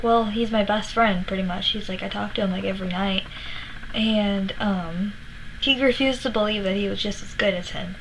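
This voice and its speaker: A woman's voice: mid-range voice, a little hiss or hum, rough recording. A young woman from Florida telling a story to her vlog audience in a chatty way, acting out quotes, laughing and swearing now and then. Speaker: vlogger. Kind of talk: casual storytelling.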